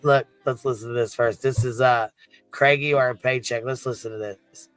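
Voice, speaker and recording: A man's voice: mid-range voice, fairly even intonation, moderate pace, a bit bright, no room sound, faint music behind. Dry-voiced cussing male streamer. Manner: laughing, swearing storyteller. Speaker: streamer reacting to clips. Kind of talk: casual profane chat.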